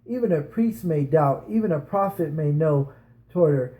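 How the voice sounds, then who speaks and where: Young man, slightly high voice, reading aloud. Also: unhurried, warm tone. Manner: stumbles over names and self-corrects. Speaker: amateur reader. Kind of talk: casual book reading and chat to viewers.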